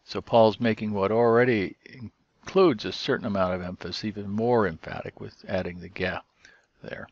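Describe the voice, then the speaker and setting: A man teaching, who explains each point step by step in a measured way with frequent pauses. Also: lowish voice, fairly even intonation, no echo, muffled recording. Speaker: Greek teacher. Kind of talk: explanatory lecture.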